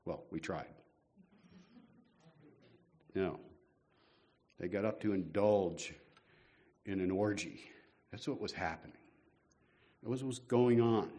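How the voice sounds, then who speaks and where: A man's voice: low voice, slow, long pauses, mellow. A man preaching a sermon to his congregation in a conversational way, with rhetorical questions and self-deprecating humor. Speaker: guest preacher.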